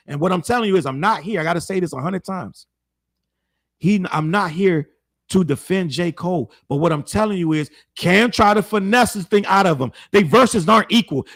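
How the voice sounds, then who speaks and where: A man hosts his own commentary show, talking straight to his audience in a blunt, heated way. His voice sits high for a man. He leans on slang and keeps hammering the same point home. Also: fairly bright tone, husky. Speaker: show host. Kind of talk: opinionated commentary to camera.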